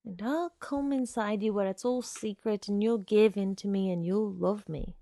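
A woman voicing a sinister young man who coaxes and threatens a girl in a slow, insistent drawl. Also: medium pitch, mellow, dry recording, clean studio sound, natural voice. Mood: coaxing menace. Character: sinister smooth-talking young man, menacing suitor.

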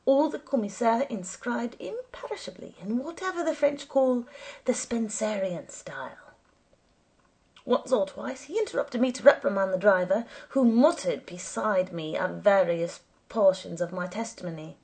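A woman narrating a story as an audiobook reader, with measured storytelling and lively quoted voices. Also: medium pitch, vocal fry, breathy edge.

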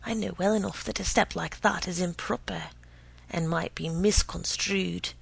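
Woman reader, gravelly, unsettled first-person storytelling with frequent whispers. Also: fairly low pitch, fairly even intonation, normal speed, poor audio. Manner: often drops to an unvoiced whisper.

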